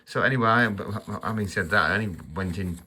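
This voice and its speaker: A low-voiced man with a bright, forceful edge rambles through a casual review on his own channel. He stammers, trails off into asides and gently mocks himself along the way. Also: a little fast, slight background noise. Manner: rambling, stammering, self-mocking with chuckles. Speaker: channel host.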